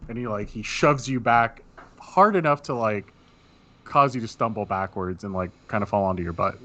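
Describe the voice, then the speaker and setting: A man's voice: lowish voice, moderate pace, sharp tone, dull audio. A man narrating as game master, describing scenes in a loose way full of fillers.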